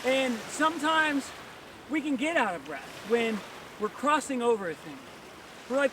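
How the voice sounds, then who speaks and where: A male pastor giving an energetic outdoor sermon on a beach, full of rhetorical questions. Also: very high voice, fairly quick. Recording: distant mic with clear surf noise.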